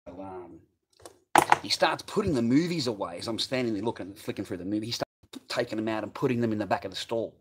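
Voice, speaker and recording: A man in his forties with a husky, slightly rough voice talks loosely to his livestream viewers. He swears freely and wanders from one story to the next in an easygoing, rambling way. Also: lowish voice, expressive, quick pace. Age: 40s. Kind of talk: casual livestream chat. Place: home garage workshop.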